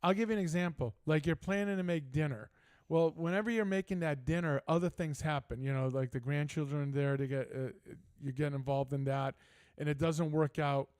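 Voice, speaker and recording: An older man hosting a live sports talk show, telling stories in a casual, animated way. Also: on the high side, fairly quick, hardly any pauses, clear, resonant tone, dry recording, studio quality. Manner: storytelling, animated, laughing asides. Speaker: host. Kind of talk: casual chat.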